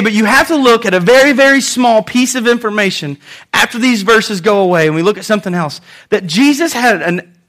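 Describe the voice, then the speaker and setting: A pastor preaching a sermon, animated and joking, acting out quotes as he goes. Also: sits high.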